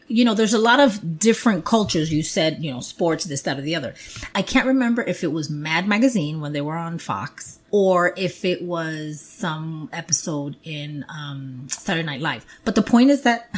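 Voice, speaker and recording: A woman's voice: fairly low pitch, moderate pace. A middle-aged woman co-hosting a podcast in casual conversation, telling stories and acting out quotes with animation. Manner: animated storyteller, acts out quotes. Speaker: podcast co-host.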